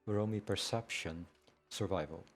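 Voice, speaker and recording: A man acting as game master, calling for dice rolls with calm, terse prompts. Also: sits low, measured pace, faint music behind. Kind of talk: running a tabletop game over voice chat.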